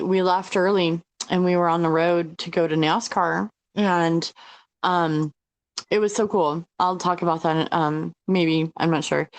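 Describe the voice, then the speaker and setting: A woman co-hosting a relaxed podcast chat. Her voice sits a little low, and she talks haltingly, repeating herself as she feels her way. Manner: hesitant, many fillers and repeats. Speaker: podcast co-host. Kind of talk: casual chat.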